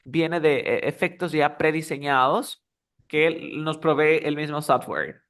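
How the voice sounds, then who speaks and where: A man teaches English over a video call and slips between both languages as he explains. His voice sits a little high, and he acts out small example dialogues to show each phrase. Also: moderate pace, a bit bright. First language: Spanish. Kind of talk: online English lesson.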